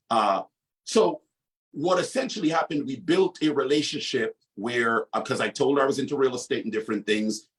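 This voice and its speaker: A man's voice: medium pitch, a bit bright, far from the mic, rough recording. A man from the West Indies being interviewed, telling a long personal story in a rambling way, with many fillers and restarts.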